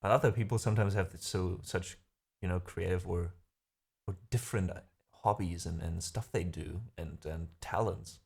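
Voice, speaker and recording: Deep, gravelly, and husky with a slightly mellow quality, his voice moves at a moderate pace. He's a man whose first language isn't English, hosting a music livestream where he reads viewer comments casually, rambling and laughing at his own expense.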